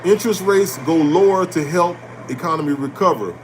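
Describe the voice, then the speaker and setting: Emphatic high-voiced man preaching about money. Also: fairly quick, slight background noise. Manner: preachy and emphatic, repeating lines for effect; blunt, with casual swearing and colloquial grammar. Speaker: host. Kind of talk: animated motivational talk on finance.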